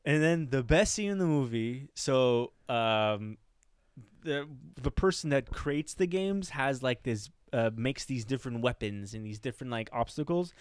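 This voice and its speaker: Man, Canadian accent, casual comedic podcast chat, clear voice, dry studio sound. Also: mid-range voice, a little slow, dry recording. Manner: animated storyteller, acts out voices, laughs often. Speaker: podcast co-host.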